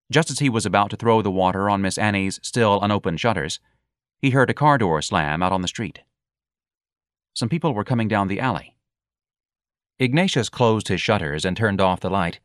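A man reads a novel aloud in a measured, expressive way. His voice sits low, and the recording is dry and close, with no room sound at all. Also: no room sound. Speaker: audiobook narrator. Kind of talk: scripted narration.

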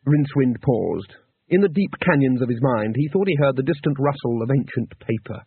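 A man narrating an audiobook in a measured, dry way, at a middle pitch. His voice is husky, and the sound is narrow and tinny like a phone line, with no room echo. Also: lively intonation. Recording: tinny narrow-band recording.

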